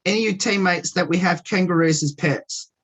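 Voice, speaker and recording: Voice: medium pitch, a little fast, a bit bright. A radio interviewer, putting upbeat questions to guests over a video call.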